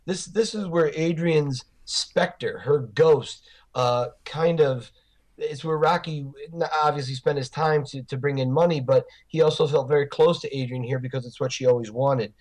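A man talking in a casual interview, his voice sitting a little higher than usual for a man. He tells stories in an animated way, stumbling through fillers and restarts as he goes. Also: normal speed. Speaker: Rocky film tour guide.

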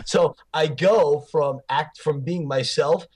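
Male tour guide, casual interview chat, slightly high voice, animated and rambling. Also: measured pace, hardly any pauses. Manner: animated storyteller, many fillers and restarts. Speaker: Rocky film tour guide.

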